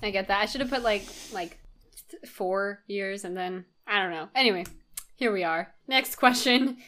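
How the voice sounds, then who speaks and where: A woman's voice: medium pitch, normal speed, sharp tone. A woman hosting a podcast quiz in casual chat, giggly and apologetic.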